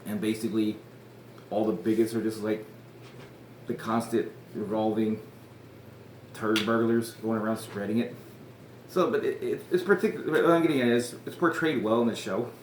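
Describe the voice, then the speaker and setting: Podcast dude rambling and cussing, keeps correcting himself, roomy echo, bit of hiss. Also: male voice, on the low side, steady tone, moderate pace, long pauses. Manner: rambling, laughs often, swears, self-corrects. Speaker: podcast host. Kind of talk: casual recap commentary. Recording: echoey room with faint noise.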